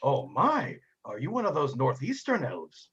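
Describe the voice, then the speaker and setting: A man voicing a gruff one-eyed old ship's first mate with a hook and peg leg, who talks in rough seafaring dialect. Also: mid-range voice, huge pitch swings, measured pace, fairly bright tone, lo-fi sound, full character voice. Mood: friendly teasing.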